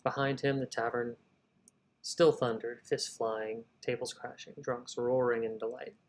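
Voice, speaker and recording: Poor audio captures a novelist reading his draft aloud in a live writing session, his voice medium-pitched, level, and somewhat slow. He stops often to rework the wording, reading prose and then talking himself through each edit.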